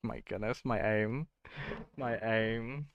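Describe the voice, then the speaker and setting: Gravelly man muttering while coding. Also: fairly low pitch, slow, no room sound, lo-fi sound. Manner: muttering, self-correcting, talks to himself. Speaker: streamer coding live. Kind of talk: casual thinking aloud while coding.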